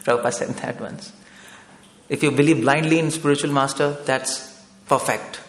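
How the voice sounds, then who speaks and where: In an echoey temple hall with long reverb, a man with a rather high voice preaches at a moderate pace, his tone steady. He walks his listeners through a series of questions and often asks "no?" to get them to agree.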